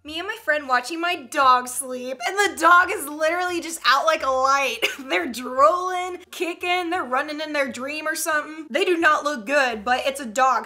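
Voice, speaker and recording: Bright high-voiced young woman. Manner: chatty, laughs often, playful slang. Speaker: YouTuber reacting to memes. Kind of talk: casual comedic commentary.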